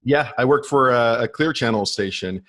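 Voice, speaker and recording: A man's voice: medium pitch, normal speed, fairly bright tone, faint music behind. Friendly chatty man, guest meteorologist. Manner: friendly, chatty, laughs easily. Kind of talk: casual interview chat.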